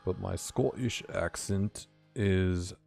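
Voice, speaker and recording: A young Californian game developer chats loosely with his live-stream viewers while coding, laughing easily as he goes. His very low voice has a gravelly fry and a slow pace, and soft guitar music plays faintly in the background.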